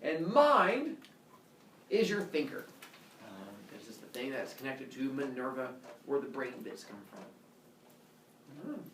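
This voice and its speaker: A man teaching a class, telling a myth in an animated, playful storytelling manner. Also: mid-range voice, a little slow, pauses often, background noise. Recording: echoey classroom from a distance.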